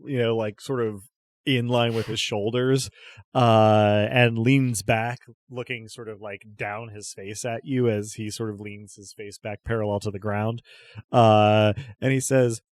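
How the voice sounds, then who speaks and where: A man narrating a tabletop game as game master, describing scenes in a relaxed way with frequent fillers. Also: on the low side, unhurried, no room sound, studio quality.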